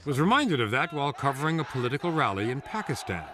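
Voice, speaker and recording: A man narrating a television news feature in a measured, expressive scripted read with wry asides. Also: mid-range voice, crowd noise.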